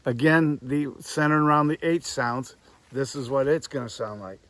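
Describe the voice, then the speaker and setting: A man teaching goose calling outdoors by the woods, talking through each step and sounding out drawn, breathy calls. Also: medium pitch, moderate pace, fairly bright tone, dry recording. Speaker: goose call instructor. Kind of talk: hands-on tutorial.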